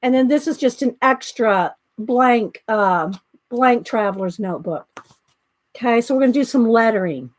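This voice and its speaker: Middle-aged woman, high-pitched, slightly breathless, rambling livestream host chatting with viewers. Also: animated, moderate pace. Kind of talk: casual livestream chat.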